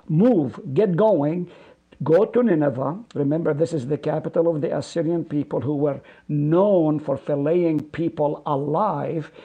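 A man's voice: a little high, warm tone, breathy edge, lo-fi sound. A middle-aged man, a pastor, teaching a Bible study in an earnest, preacherly way, repeating phrases for emphasis and drawing out Hebrew words. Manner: explains Hebrew words slowly, drawing them out.

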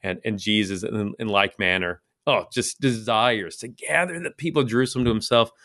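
A man's voice: lowish voice, brisk, sharp tone, no echo, clean studio sound. Earnest man musing on scripture. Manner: earnest, reflective, with frequent fillers and restarts. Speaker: co-host discussing Bible passages. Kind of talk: casual Bible study chat.

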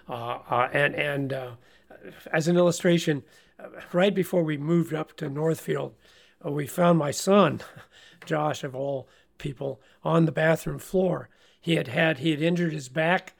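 A middle-aged man leads a relaxed Bible discussion in an earnest, folksy way. His fairly high voice has a gravelly, crackly edge, and he often stumbles over repeated words before a point lands. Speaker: Bible study host.

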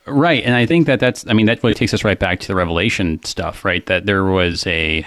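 Deep-voiced man musing on scripture. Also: brisk, fairly bright tone, no echo. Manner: thoughtful, many fillers and restarts. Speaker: co-host discussing a psalm. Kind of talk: casual theological discussion.

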